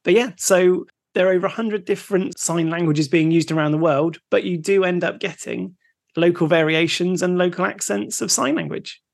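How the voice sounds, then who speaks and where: A man co-hosting a casual podcast, easygoing and quick to laugh as he shares facts. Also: sits high, steady tone, gravelly. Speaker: podcast co-host.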